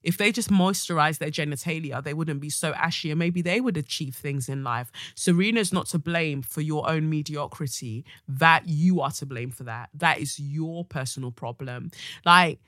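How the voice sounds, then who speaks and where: A woman hosting a solo podcast, blunt, outspoken and sweary, with sudden loud bursts of emphasis. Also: sits low, moderate pace, no echo, clean studio sound. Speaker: podcast host. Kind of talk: casual solo podcast monologue.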